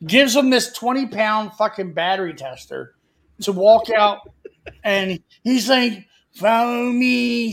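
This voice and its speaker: High-voiced man telling a profane story. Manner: animated, acts out other people's lines. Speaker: radio show host.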